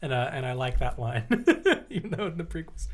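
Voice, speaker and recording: A man's voice: mid-range voice, expressive, moderate pace. A man co-hosting a casual podcast, explaining at length, laughing often and swearing casually. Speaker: podcast co-host. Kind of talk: casual chat.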